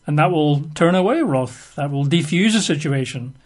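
A man's voice: a little high, expressive, normal speed. Chatty man teaching scripture. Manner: chatty and wry, with frequent fillers. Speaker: Bible teacher. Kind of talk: conversational Bible teaching.

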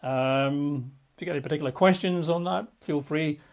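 Male Bible teacher, slightly higher voice, casual and wry, dry asides. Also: brisk, vocal fry, darkish tone.

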